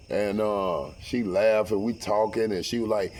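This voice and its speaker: A middle-aged man telling a story casually, profane and animated, acting out the voices. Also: fairly low pitch, measured pace, hardly any pauses. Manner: profane, animated, acts out every voice.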